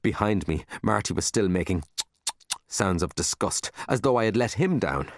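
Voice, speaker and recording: A man narrating a children's story in an expressive, animated reading. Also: fairly low pitch, normal speed, no room sound, clean studio sound. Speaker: audiobook narrator.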